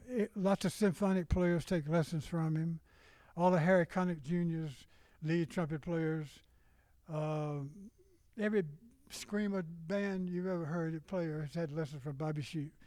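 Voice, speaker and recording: A man's voice: fairly high pitch, dark tone, dry recording, poor audio. Older Southern man, rambling teacher talk. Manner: rambling, demonstrating rhythms by singing syllables. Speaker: music teacher. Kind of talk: informal talk to music educators.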